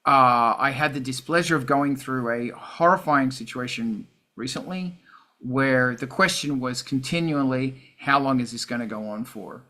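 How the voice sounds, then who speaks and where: A man's voice: medium pitch, moderate pace, pushed and bright. A man, a musician hosting a casual chat, self-deprecating and swearing often as he talks through and reads his song lyrics. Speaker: podcast host and musician. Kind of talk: casual chat about songwriting.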